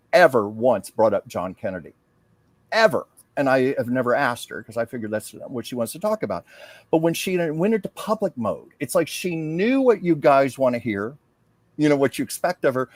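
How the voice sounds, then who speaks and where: A man's voice: medium pitch, no room sound. A man hosting a psychic show, talking earnestly and casually about a channeled message. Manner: earnest, heartfelt, slows down to read aloud. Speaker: psychic medium and host.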